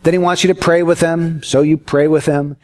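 Speaking a little high in a level tone, a preacher moves briskly through his sermon. He shares a homespun tale with his congregation, earnest and folksy, with touches of gentle humor.

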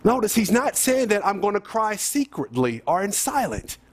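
A man's voice: high voice, big pitch swings, moderate pace. A man preaching a sermon, reading scripture and earnestly exhorting his listeners.

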